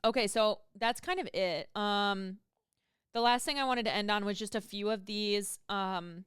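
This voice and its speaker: A woman's voice: mid-range voice, unhurried, fairly bright tone, clean tone, no room sound, clean studio sound. A woman hosting a podcast, chatting casually and candidly and swearing freely. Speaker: podcast host. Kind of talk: casual chat.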